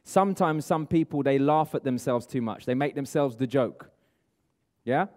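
A man giving a lively motivational seminar talk, asking the room and viewers at home questions. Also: medium pitch, moderate pace. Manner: energetic, coaching, asks the audience questions. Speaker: motivational speaker. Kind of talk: live seminar talk to room and online audience.

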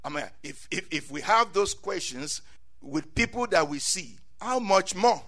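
A man's voice: sits high, lively intonation, measured pace, pushed and bright. A male preacher delivering an emphatic, repetitive sermon, often calling out amen.

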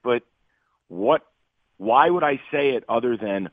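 A man's voice: medium pitch, lively intonation, unhurried, no echo. A man calling in to a sports radio show, blunt and opinionated, giving his pick of the week. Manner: blunt, opinionated, odds-focused. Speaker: sports betting guest. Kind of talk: call-in radio chat. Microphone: phone line. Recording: tinny phone line.

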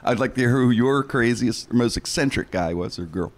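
A man hosting a podcast, asking loose, halting questions with fillers. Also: medium pitch. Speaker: podcast host. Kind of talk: casual interview chat.

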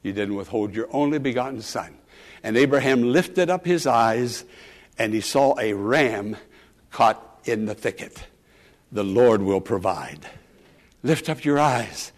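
A man pastor preaching a sermon, calling out with rising emotion and dropping to soft, quiet asides. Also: medium pitch, lively intonation, unhurried.

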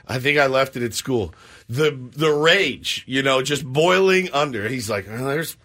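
A middle-aged radio host with a medium-pitched voice speaks at a measured pace. He tells a story in casual, bantering style, animated and poking fun at himself, and jumps into the voices of the people he's quoting.

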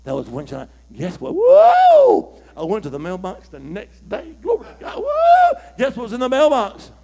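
A middle-aged male preacher telling a story in a fiery sermon, calling for shouts and whooping. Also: high-pitched, sing-song, fast talker. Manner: call-and-response, shouting, whooping.

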